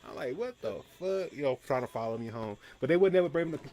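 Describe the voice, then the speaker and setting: A man's voice: medium pitch, very fast, dark tone. A young man in casual conversation, talking in slang and rambling with many restarts. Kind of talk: casual chat.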